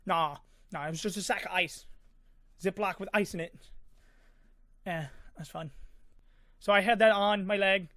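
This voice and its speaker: A man with a high voice tells a story in a loose, rambling way, full of fillers and small sound effects. He is recorded close and dry, with no room sound. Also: normal speed, long pauses, bright, forceful tone, no room sound. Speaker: vlogger. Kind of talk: casual storytelling.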